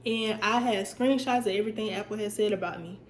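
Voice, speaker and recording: Talking briskly in a mid-range voice, a young vlogger shares a storytime, chatty and animated, leaning on emphatic repetition. Her voice sounds stuffy and cuts in and out. The recording is reverberant, with slight background noise.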